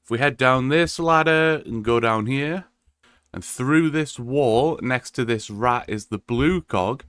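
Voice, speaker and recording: A man narrates his gameplay in a relaxed, wry way, laying out rules and plans for his viewers. His voice sits at an ordinary middle pitch. The sound is close and dry, with no room around it. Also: slow, clear, resonant tone, dry recording. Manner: casual, wry, explanatory. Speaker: gaming video creator. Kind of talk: gameplay commentary.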